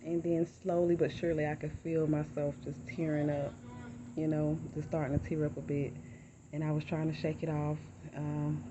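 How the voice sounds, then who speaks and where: Soft-spoken woman vlogging over insect noise. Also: low voice. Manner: rambling, heartfelt, soft-spoken. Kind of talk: candid personal vlog. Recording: dull lo-fi audio with loud insect noise.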